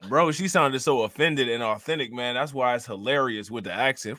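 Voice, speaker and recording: A man's voice: mid-range voice, brisk, bright, forceful tone, no echo, clean studio sound. A man co-hosting a casual reaction chat, laughing a lot and using slang. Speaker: co-host.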